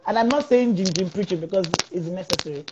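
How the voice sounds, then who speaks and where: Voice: medium pitch, quick pace. An interviewer chatting casually and adding frequent short affirmations. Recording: dull lo-fi sound with audible hiss.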